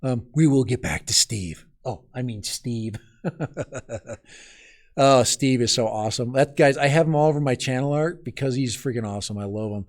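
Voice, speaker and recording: A man's voice: mid-range voice, moderate pace. A man from Minnesota hosting a live stream outdoors in the cold, chatting casually and rambling as he talks straight to his viewers.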